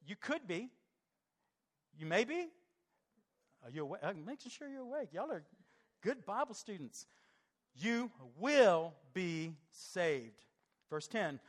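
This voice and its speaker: A middle-aged man preaching a sermon as pastor, impassioned, swelling loud and dropping soft. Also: high-pitched, animated, moderate pace, long pauses. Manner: impassioned, rising and falling in loudness.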